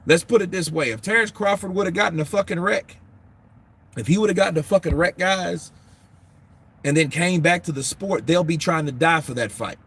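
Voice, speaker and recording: A man hosting a boxing talk show, answering viewers in a casual, animated, profane way, and laughing often. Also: a little high, husky.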